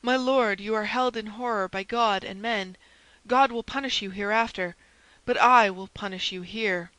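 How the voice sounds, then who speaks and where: A woman's voice: on the high side, moderate pace, bright, forceful tone, no room sound, low-quality recording. A woman reading the part of an intense young man who pleads and threatens, her voice raised and urgent. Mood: fervent. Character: fervent young man, stern zealot.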